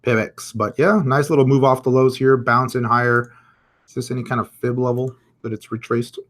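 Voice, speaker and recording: A man hosting a live crypto market stream, giving casual chart commentary, chatty and thinking out loud as he reads viewer comments. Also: medium pitch, fairly even intonation, normal speed.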